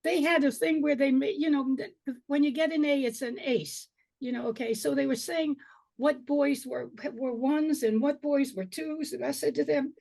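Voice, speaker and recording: Older woman, high-pitched, gravelly, lively storyteller, video call panel. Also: normal speed, dry recording. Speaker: alumna panelist.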